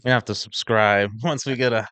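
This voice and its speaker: A man's voice: mid-range voice, steady tone, normal speed, sharp tone, clear, resonant tone, dry recording. A man co-hosting a podcast in casual chat, laid-back, swearing and laughing often. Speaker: podcast co-host.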